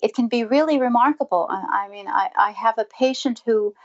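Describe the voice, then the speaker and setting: A woman's voice: a little high, brisk, highs cut off. A woman dentist speaking earnestly and reflectively in a conversational interview, sometimes acting out what her patients say. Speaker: dentist guest.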